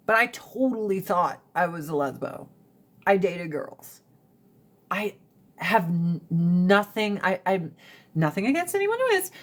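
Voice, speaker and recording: A woman in casual livestream chat, blunt and profane, often laughing, talking into a phone. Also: medium pitch. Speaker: livestream host.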